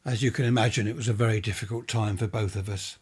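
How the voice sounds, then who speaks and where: A man reading a ghost story aloud, voicing a gentle, talkative middle-aged woman who rambles and sighs. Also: fairly low pitch, steady tone, quick pace, slightly rough. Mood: chatty, sorrowful. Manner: warm, rambling, sighing.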